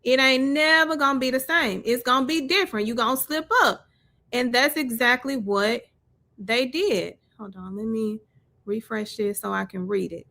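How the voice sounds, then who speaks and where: A woman commenting on a livestream, sarcastic and blunt, breaking in loudly as she reads a post aloud. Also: on the high side, unhurried. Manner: sarcastic, interjects loudly while reading.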